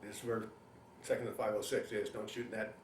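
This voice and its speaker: Older male veteran, animated oral-history teller; roomy, distant sound with faint hiss. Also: on the low side, fast. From Canada. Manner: animated storytelling, acts out quoted voices. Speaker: veteran interviewee.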